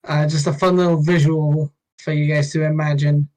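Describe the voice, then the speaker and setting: A man narrating as dungeon master in a tabletop game, pausing often with ums and uhs. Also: a little high, little pitch movement, warm tone, low-quality recording. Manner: unhurried, halting, with many ums.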